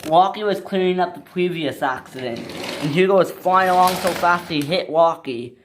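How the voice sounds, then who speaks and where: A woman's voice: on the low side, moderate pace, a little hiss or hum. A woman narrating a toy train story in a plain storytelling way.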